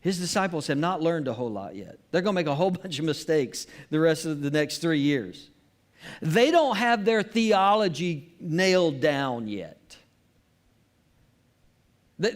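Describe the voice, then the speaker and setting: A male pastor delivers a sermon at a slow, deliberate pace. His voice sits fairly high for a man, and he presses his points with earnest emphasis and repetition. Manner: earnest, emphatic, repeats key phrases. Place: church worship service.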